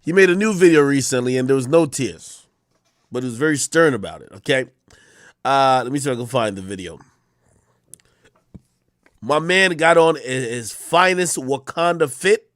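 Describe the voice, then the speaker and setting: A man's voice: medium pitch, moderate pace, long pauses, a bit bright, no echo, studio quality. A man streaming, reacting to clips in a mocking, profane, casual commentary style.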